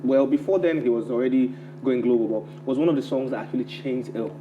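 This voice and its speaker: A man hosting a casual talk show, chatty and relaxed as he reads out a story. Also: mid-range voice, fast talker, lo-fi sound, background noise. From Nigeria. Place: TV studio.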